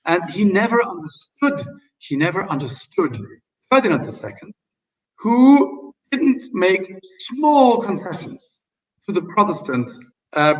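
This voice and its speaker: A man's voice: on the high side, fairly bright tone. A man telling stories as an interview guest, hesitant with many fillers and restarts, in a casual way. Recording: distant, dull lo-fi sound.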